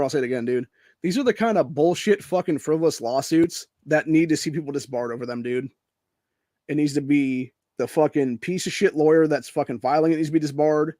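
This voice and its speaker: Ranting angrily about politics, this American man hosts a podcast, cursing casually and sprinkling in "dude" and "man." His voice is on the high side with a dark tone, recorded at studio quality with no echo.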